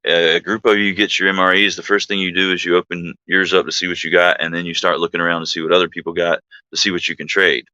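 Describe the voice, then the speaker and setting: A man's voice: sits low, flat delivery, fast, hardly any pauses, pushed and bright, dry recording, muffled recording. A man hosting a livestream, telling a rambling army anecdote in a casual way, full of fillers and asides to his chat. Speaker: livestream host, army veteran. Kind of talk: casual storytelling.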